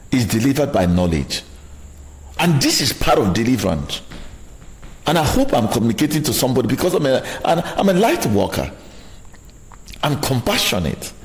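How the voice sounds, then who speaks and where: A man hosting a motivational talk show, speaking passionately and with energy. His delivery is emphatic and preachy. His mid-range voice rises and falls in a lively way. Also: medium pitch.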